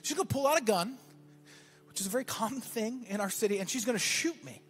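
A man preaching a sermon as pastor, telling a story and then building to shouted exhortation in a church. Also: extremely high pitch, animated, quick pace, soft background music.

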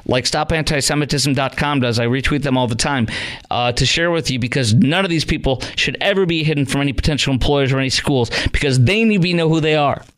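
A man's voice: fairly high pitch, fairly bright tone. A middle-aged man from Chicago hosting a call-in talk radio show, indignant and full of rhetorical questions.

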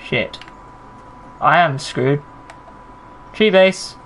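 Guy streaming a shooter, bit high voice, chats w viewers, swears when he's in trouble, faint hum behind. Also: drawn-out words, a bit bright, rough recording. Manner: chatty, swears when under pressure, answers chat. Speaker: gaming streamer. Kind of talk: live gameplay commentary.

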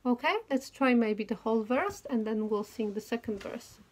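A woman leading a singing lesson. She counts in the beats, sings phrases slowly and explains notes quickly between them. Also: fairly high pitch. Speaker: singing teacher. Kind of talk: choir rehearsal, counting in and singing. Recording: loud guitar accompaniment.

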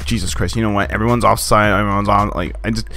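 A young man casually commenting on his own gameplay, excitable and rambling, swearing and laughing often. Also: fairly low pitch, fast talker.

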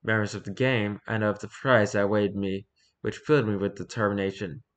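A man reading a rules-style horror story aloud for his channel, lively, with occasional stumbles and restarts. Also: lowish voice, fairly quick. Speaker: YouTuber reading horror stories.

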